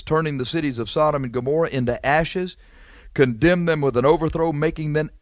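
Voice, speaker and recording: A man preaching a fiery sermon, scolding and emphatic, rushing through some lines and slowing hard on others. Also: fairly high pitch, no room sound. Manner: emphatic, scolding, swings from rapid to slow.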